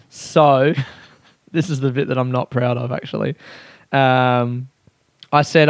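Young man, comedian, swearing, self-mocking, chatty story, smooth voice. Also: takes it slowly, pauses often, dry recording, studio quality. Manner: animated, swearing, self-mocking, voice jumps high when excited. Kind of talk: casual storytelling.

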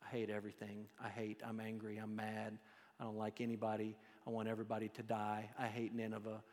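A man's voice: level tone, fast, close to an everyday voice. A man doing a sulking, whining old-testament prophet. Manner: low, quiet, whining grumble. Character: sulking bitter male prophet, adult. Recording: long reverb of a large hall.

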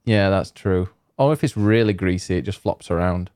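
A man's voice: low voice, normal speed, a little mellow, clean tone, dry recording, clean studio sound. A man hosting a games podcast, rambling and joking in casual banter. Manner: jokey, rambling, self-mocking. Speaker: podcast host.

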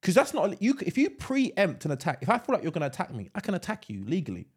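Male co-host, husky, animated, casual storyteller. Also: high-pitched, fast talker. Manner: animated storytelling, frequent restarts. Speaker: podcast co-host. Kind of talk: casual chat.

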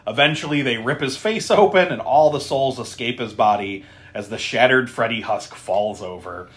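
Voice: mid-range voice, sing-song, normal speed. A podcast co-host recapping a film in casual chat, laughing often, swearing freely and tossing in sarcastic asides.

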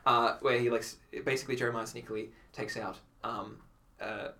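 Male podcast guest, bright tone, mid pitch, animated storyteller. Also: brisk, creaky. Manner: animated storytelling, acts out quotes, laughs often. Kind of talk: casual chat.

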